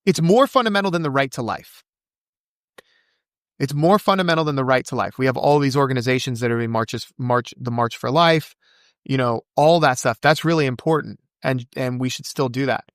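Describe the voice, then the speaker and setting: A man speaking as a podcast guest in casual conversation, fervent and quick to recite scripture from memory. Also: no room sound, clean studio sound. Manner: acts out quoted voices with big pitch jumps.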